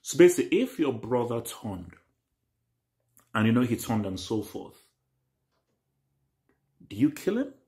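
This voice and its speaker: A young man hosting a casual TV reaction video. He rambles and repeats himself, swinging between excited bursts and low mutters. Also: unhurried, pauses often. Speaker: reaction channel host.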